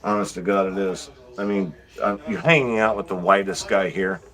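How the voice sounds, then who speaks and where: A man hosting a livestream, reading chat comments aloud and teasing viewers in a profane, joking way, swinging from loud bursts to low mutters. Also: fairly even intonation, normal speed, a crowd in the background, rough recording.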